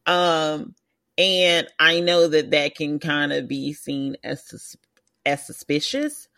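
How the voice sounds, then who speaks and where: A woman co-hosting a podcast, chatting casually and jumping in with quick questions. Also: sits low, dry recording. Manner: animated, quick to jump in and question. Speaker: podcast co-host. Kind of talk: casual chat.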